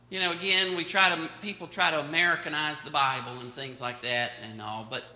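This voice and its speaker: An older man teaching Sunday school in a church room, his high voice ringing bright and sharp. He tells stories in a meandering way with many ums and uhs, and the room adds a strong echo. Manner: rambling storytelling with many fillers. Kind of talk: anecdotal Bible lesson. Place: church classroom. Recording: echoey room.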